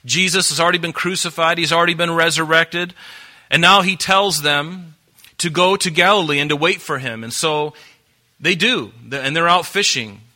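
A pastor preaching an earnest sermon, often repeating words and acting out Bible dialogue. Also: male voice, on the high side, moderate pace, bright, forceful tone.

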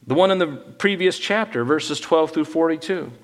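Guy pastor preaching, bit higher voice, acts out the bible dialogue, long echo off the hall. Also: moderate pace. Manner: animated Bible teaching, voicing God and Solomon in dialogue. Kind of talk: sermon.

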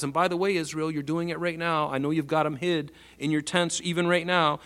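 A man preaching a sermon, animated, acting out the quoted voices with big swings from soft to loud. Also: a little high, a little fast, few pauses. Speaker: pastor.

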